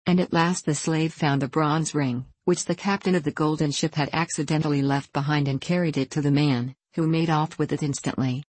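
A woman narrating a fairy tale in a measured, steady audiobook reading. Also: sits low, no echo.

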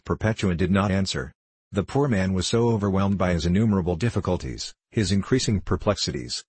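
A man reads a classic novel aloud in a measured, steady narration. His voice is very low with a husky grain. The recording is dry and close, with no room sound. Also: no echo.

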